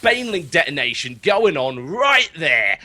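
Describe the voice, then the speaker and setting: A man putting on a Cockney accent, playing a cheeky, excitable man egging on a fight. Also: fairly high pitch, moderate pace, heavily acted. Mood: cheeky excited. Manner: excitable, cheeky, shouting encouragement.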